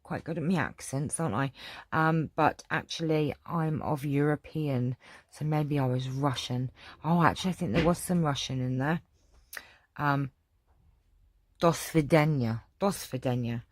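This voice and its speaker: A woman's voice: low voice, moderate pace, dry recording. A middle-aged English woman with an English accent, chatting casually and rambling with lots of ums as she answers viewer questions. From England. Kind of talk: casual chat.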